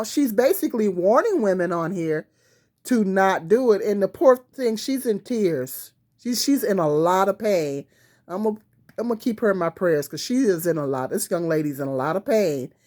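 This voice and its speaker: A woman's voice: medium pitch, expressive, moderate pace, darkish tone. A woman talking casually to camera on a tripod, rambling with many fillers and restarts. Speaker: vlogger. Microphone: phone or camera on a tripod.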